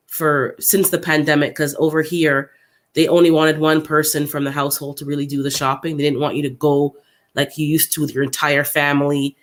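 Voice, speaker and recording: A man hosting a casual livestream for his viewers, upset and unsettled, who thinks out loud in a halting way and often repeats his words. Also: a little high. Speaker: gardening channel host.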